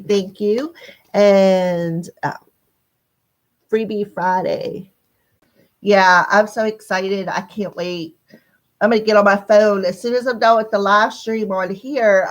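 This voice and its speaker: A woman with a squeaky voice giving a casual live-stream tarot reading, chatting straight to her viewers. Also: rough recording. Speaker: tarot and numerology reader.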